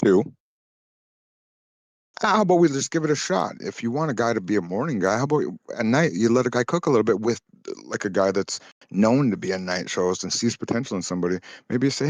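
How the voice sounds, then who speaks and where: A man with a low voice, talking loosely and at length on a stream call. He rambles and breaks into quick impressions, heard close and dry with no room sound. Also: dry recording. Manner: rambling, swings into animated impressions. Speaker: stream guest. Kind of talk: casual chat.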